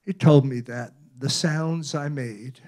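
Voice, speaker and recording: A man's voice: mid-range voice, slow, a little mellow. An elderly man in his eighties from Brooklyn, an author giving an anecdotal public talk in a library, conversational and checking in with the audience often. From Brooklyn, New York. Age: 80s. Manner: conversational, tags many phrases with "right?". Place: library event room.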